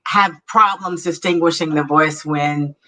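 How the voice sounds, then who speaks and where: A woman hosting an interview and asking measured, inquisitive questions. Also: deep voice, bright, forceful tone. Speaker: podcast host.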